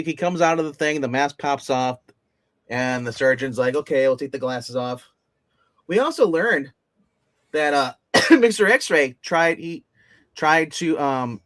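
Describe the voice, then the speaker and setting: A man's voice: mid-range voice, no echo. Rambling man recapping comics. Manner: rambling, many fillers and restarts; animated when retelling scenes. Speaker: comic book reviewer. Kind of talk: casual comic review livestream. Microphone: phone.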